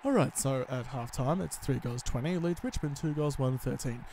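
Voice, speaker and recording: An Australian gaming YouTuber does let's-play commentary on his own football video game, exasperatedly ranting and swearing at his players with bursts of sarcastic politeness. His mid-range voice is dark-toned and moderately paced, with slight background noise.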